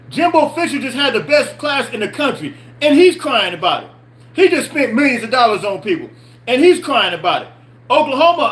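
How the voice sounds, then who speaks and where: A man's voice: very high-pitched, fairly bright tone, poor audio. A man hosting a live-stream sports podcast, talking casually, answering chat comments and repeating himself with rhetorical questions. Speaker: podcast host.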